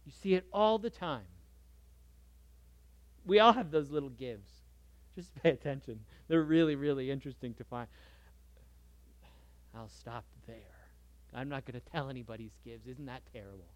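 A man preaching a sermon in a conversational way, moving between soft asides and lively emphasis. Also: mid-range voice, dry recording, lo-fi sound. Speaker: pastor.

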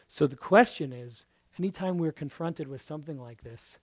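Hoarse preacher swinging hushed to loud. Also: male voice, fairly high pitch, a little fast, no echo. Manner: dramatic, swings between hushed murmurs and loud emphatic bursts; rhetorical questions in long runs. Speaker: pastor. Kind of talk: sermon.

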